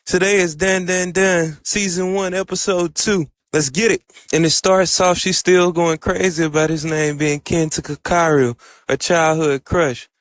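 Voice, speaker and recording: A man's voice: a little high, steady tone, a little slow, dry recording. A man casually recapping an anime episode in a loose, storytelling way, quoting the characters' lines as he goes. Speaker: anime reviewer.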